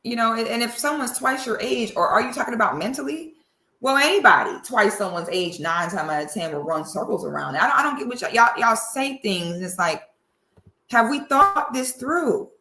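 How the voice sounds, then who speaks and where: A woman doing reaction commentary in a sassy, animated, drawling way. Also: fairly high pitch, moderate pace, echoey room. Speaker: commentary host.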